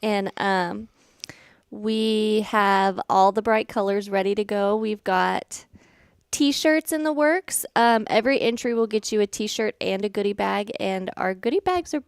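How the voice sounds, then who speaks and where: A woman's voice: medium pitch, measured pace, creaky, clean tone, no echo, studio quality. A woman filling in as co-host on a local morning show, chatting casually about an event. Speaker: fill-in co-host.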